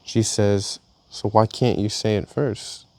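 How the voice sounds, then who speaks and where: A young man casually reading his personal journal aloud, telling a story with halting restarts. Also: fairly low pitch, fairly even intonation, a little mellow. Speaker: vlogger.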